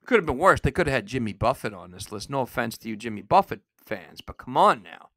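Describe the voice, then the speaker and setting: A man hosting a podcast alone, delivering an angry, profane rant that bursts into shouting. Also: medium pitch, sing-song, fast talker, no echo, clean studio sound. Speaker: podcast host. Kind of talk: solo ranting podcast.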